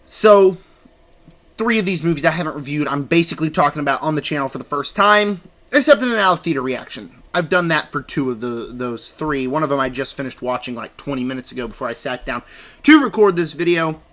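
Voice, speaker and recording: A man's voice: fairly high pitch, expressive, a little fast, fairly bright tone. A man talking through a casual film review at his desk, emphatic and ranting, repeating words for stress. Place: home desk.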